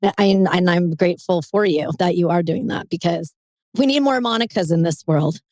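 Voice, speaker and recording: A woman hosting a podcast in casual interview chat, animated, chatty and quick to laugh. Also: on the low side, dry recording, clean studio sound. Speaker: podcast host.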